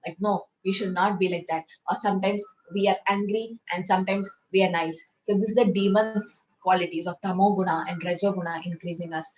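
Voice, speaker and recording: A woman's voice: medium pitch, fairly even intonation, a little fast, hardly any pauses, a little mellow, dull audio. A woman from India, teaching a scripture class in a conversational way and often checking with "right?".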